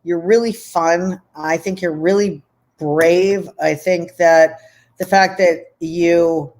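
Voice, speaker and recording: A woman's voice: fairly low pitch, steady tone, slow pace, a little mellow. A woman speaking as a guest in a casual video call interview, effusive and playful in her praise.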